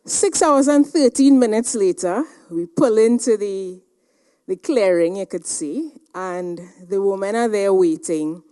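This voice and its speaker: A woman giving a motivational seminar talk, telling a personal story in a dramatic, animated way. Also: medium pitch, a little slow, smooth. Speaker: seminar speaker.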